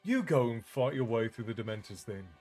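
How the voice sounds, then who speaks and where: A man's voice: mid-range voice, lively intonation, fairly quick, darkish tone, soft background music, close to an everyday voice. A man voicing a defensive teenage wizard boy. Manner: defensive, firm.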